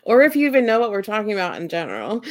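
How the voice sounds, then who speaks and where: A woman's voice: medium pitch, wildly swooping pitch, racing, darkish tone, dry recording. A woman from Central Ohio co-hosting a podcast, rambling casually with fillers and giggly asides. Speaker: podcast co-host. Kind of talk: casual chat.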